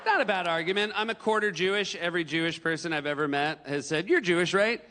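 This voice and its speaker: A man's voice: a little high, quick pace, long reverb tail. A man performing stand-up comedy on a theater stage, telling stories and acting out the quotes. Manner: animated storytelling with acted quotes.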